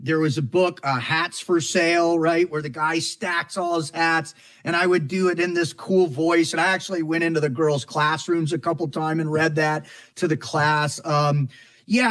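A middle-aged man talking as a guest in a casual interview, heartfelt and reflective, often pausing and restarting. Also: a little high, fairly bright tone.

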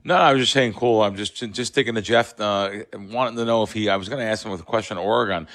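A male co-host talking quickly and casually, somewhat away from the microphone. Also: fairly low pitch, fairly bright tone. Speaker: sports handicapper, co-host. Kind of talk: sports radio banter.

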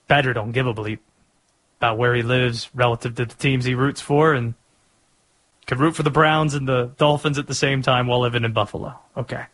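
A man hosting a sports talk radio show, energetic and opinionated as he hypes up a football matchup. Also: mid-range voice.

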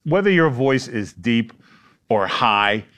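A man co-hosting a talk show, telling stories and acting out little quoted lines in animated banter. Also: medium pitch, takes it slowly. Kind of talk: casual panel banter.

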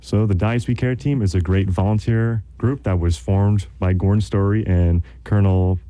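A man's voice: on the low side, fairly even intonation, moderate pace, warm tone, dry recording. A young airman from New York, a guest in a radio interview, easygoing and good-humored. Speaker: airman, volunteer group vice president.

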